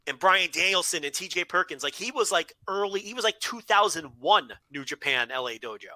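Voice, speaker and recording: Brisk and high-voiced, this man sounds very bright and forward as he builds his case step by step, sure of his logic. There's no echo; the sound is dry and close. It's casual chat, delivered with the easy give-and-take of a podcast co-host.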